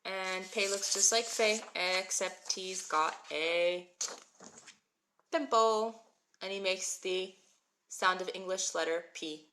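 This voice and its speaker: A woman's voice: mid-range voice, takes it slowly, bright, forceful tone, a little hiss or hum. A woman in her thirties teaching a live Hebrew reading class, chatting with viewers and answering them by name. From moved to Israel as an adult. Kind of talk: live-stream lesson, reading viewer comments.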